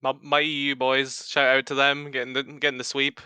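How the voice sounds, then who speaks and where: A man's voice: mid-range voice, level tone, brisk, sharp tone, smooth, no room sound. A man co-hosting a casual esports stream who talks in a cheeky, boastful way. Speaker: co-host.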